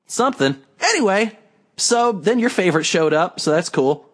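Sarcastic man with a lively voice. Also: sits high, moderate pace. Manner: sarcastic, animated, rambling. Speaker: podcast co-host. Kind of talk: casual wrestling chat.

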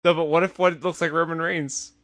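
A man's voice: on the high side, level tone, brisk, a bit bright, no echo. A man co-hosting a podcast in casual chat, explaining at length and laughing easily. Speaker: podcast co-host.

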